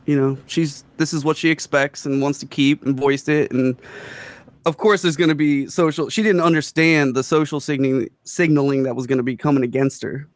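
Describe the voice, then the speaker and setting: A man's voice: on the high side, fairly even intonation, a little fast, dry recording. A man who is a podcast guest, chatting casually and often restarting his sentences.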